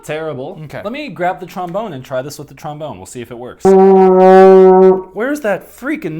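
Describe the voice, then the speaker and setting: Animated man musing aloud, lively pitch. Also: brisk, soft background music. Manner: animated, self-deprecating, thinking aloud. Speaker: songwriter host. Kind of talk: casual songwriting vlog.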